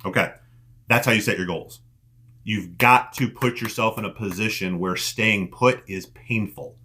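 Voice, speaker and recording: A man's voice: on the low side, measured pace, pushed and bright. A man giving a motivational coaching talk on an online team call, emphatic and repeating his key lines for effect.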